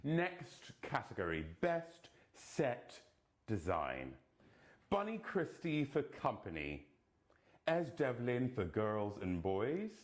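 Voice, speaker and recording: Animated man reading award nominations. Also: mid-range voice. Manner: playful, camp asides and jokes; deliberate, unhurried reading of names. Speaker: awards announcer.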